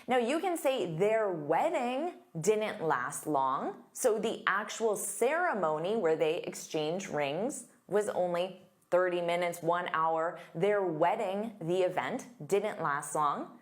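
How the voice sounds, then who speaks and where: Slow, careful woman teaching English. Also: lowish voice, expressive. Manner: slow, deliberate, clear enunciation. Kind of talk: online English lesson.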